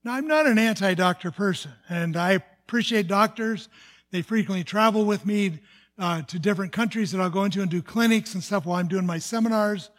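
With a high-pitched, somewhat bright voice, an older pastor recounts his personal story. The delivery is earnest and unadorned, like a simple sermon, and he often pauses to restart or uses fillers.

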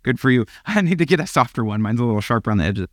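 A man's voice: medium pitch, very animated, very fast, no room sound. Chatty young man preaching, dry close sound. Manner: chatty and self-deprecating, laughs often, goes off on tangents. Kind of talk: casual sermon with stories.

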